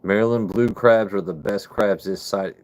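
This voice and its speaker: A man's voice: on the low side, steady tone, moderate pace, a little mellow. A man hosting a casual livestream, rambling and swearing as he chats with his viewers. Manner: rambling, profane, chatting with viewers. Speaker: livestream host.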